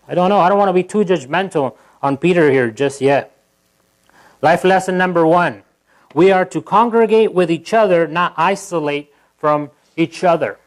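A pastor giving a sermon in church, talking in a loose conversational way with asides to the congregation and acting out quotes. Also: male voice, on the high side, moderate pace, poor audio. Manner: animated, acting out quotes in a livelier voice.

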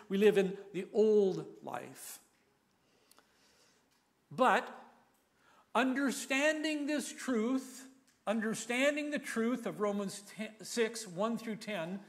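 High, lively-voiced male preacher. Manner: emphatic, repeats key phrases, leads the audience in repeating lines. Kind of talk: sermon.

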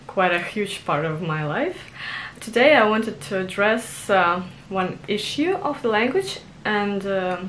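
A woman's voice: mid-range voice, slight background noise. A young adult woman vlogging about learning a language, self-conscious and giggly, with many fillers and restarts. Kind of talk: casual vlog monologue.

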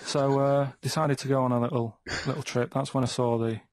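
A man telling plain, deadpan holiday stories in a slow, hesitant way, with fillers, in a casual chat. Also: medium pitch, no room sound. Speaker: guest storyteller.

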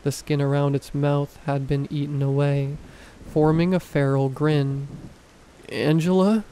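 A man reading horror stories aloud in a calm, even scripted narration. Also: fairly high pitch, a little slow, a little hiss or hum, low-quality recording.

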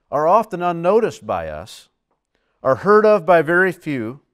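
Male preacher with a high voice, earnest and emphatic, mid-sermon. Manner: earnest, emphatic, lively swings in pitch and loudness.

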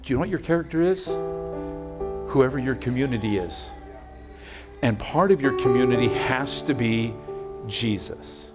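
A middle-aged pastor preaches in a loose, conversational way, swinging between lively bursts and quiet, close moments. His voice sits at an ordinary pitch for a man. Guitar music plays clearly beneath him in the church sanctuary. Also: moderate pace, pauses often. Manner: conversational, animated, with sudden shouts and hushed moments. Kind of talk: sermon.

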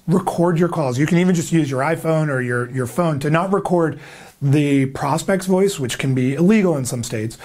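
A man giving a sales training lesson, emphatic and energetic, acting out prospects' replies. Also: on the high side, breathy edge. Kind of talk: instructional talk to camera.

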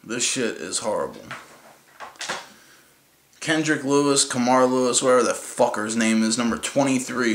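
A man's voice: mid-range voice, a bit bright. A man ranting about his football team in a heated, profane, mocking way. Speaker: sports fan ranting. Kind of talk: angry rant vlog. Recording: echoey room with faint noise.

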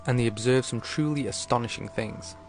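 A man's voice: mid-range voice, brisk. A man hosting a video, narrating in a casual, conversational explainer style with rhetorical asides, faint music behind him.

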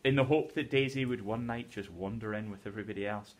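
A man's voice: lowish voice, fast talker. A man who teaches English, reading a novel aloud to his class and explaining it in a conversational way. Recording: teacher's recorded lesson video.

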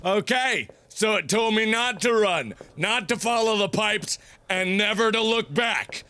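A man in his twenties hosting a gaming video, loud and goofy, ranting and rambling between frustrated outbursts. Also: high-pitched, measured pace. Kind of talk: let's play commentary.

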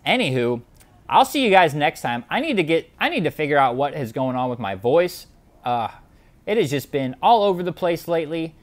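A man giving satirical reaction commentary on a video clip. He sounds mock-outraged and sarcastic, and his pitch swoops up and down. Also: very animated, moderate pace. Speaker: YouTube commentator.

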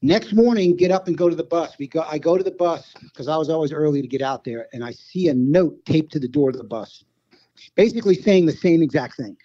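Guy telling old tour stories, kinda high but mellow voice, rambly, dull lo-fi audio. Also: fairly quick, dry recording. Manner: rambling anecdotes with many restarts. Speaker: guest, former band road manager. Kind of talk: casual storytelling in conversation.

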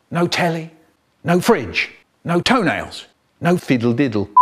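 A man, telling comic stories in an expressive, animated way. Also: medium pitch, very noisy. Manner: expressive, animated, swooping delivery. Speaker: storyteller. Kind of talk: comic storytelling, spliced edit.

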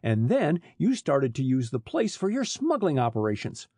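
A man's voice: mid-range voice, huge pitch swings, normal speed, mellow, no room sound, clean studio sound. A man voicing a bitter, defiant detective father held captive, in an audiobook.

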